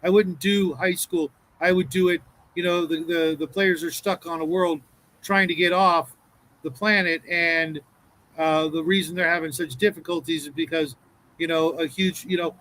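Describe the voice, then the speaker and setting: A man's voice: a little high, steady tone, moderate pace, fairly bright tone, poor audio. A man in casual chat about tabletop games, rambling and restarting his sentences often. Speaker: podcast panelist.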